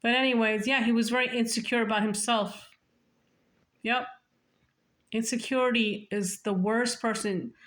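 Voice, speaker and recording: A woman's voice: on the high side, fairly even intonation, moderate pace, long pauses, fairly bright tone. A woman vlogger telling her own story in a casual, blunt, profane way, with emphatic repetition and restarts. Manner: repeats and restarts words.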